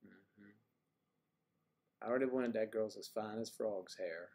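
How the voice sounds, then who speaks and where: A man's voice: lowish voice, unhurried, darkish tone. An older man hosting a casual livestream, musing aloud and trading folksy sayings in a loose, rambling way. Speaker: livestream host.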